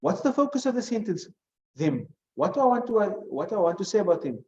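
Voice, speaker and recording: A man teaching an Arabic grammar class, explaining step by step, quizzing his students with questions and reciting short Arabic phrases quickly. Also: high voice, big pitch swings, darkish tone, a little hiss or hum. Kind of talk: classroom lesson. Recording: echoey room, dull lo-fi sound.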